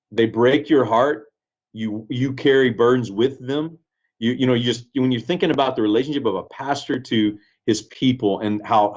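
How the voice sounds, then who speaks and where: A pastor appearing as a guest tells stories in an earnest, reflective conversation, often restarting his sentences. His voice is mid-range with a darkish tone, and the recording's highs are cut off.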